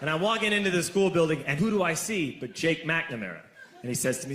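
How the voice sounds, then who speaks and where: A young man telling a stand-up story with punchy comic timing and sudden shouted bursts, on a club stage. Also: on the high side, lively intonation, fast. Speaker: stand-up comedian. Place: club stage before a laughing audience. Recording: echoey room with audience noise.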